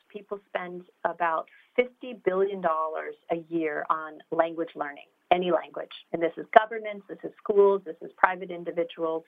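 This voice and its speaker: A woman's voice: low voice, gravelly, phone-quality sound. A woman founder answering interview questions, enthusiastic and explanatory, with many fillers. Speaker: startup founder.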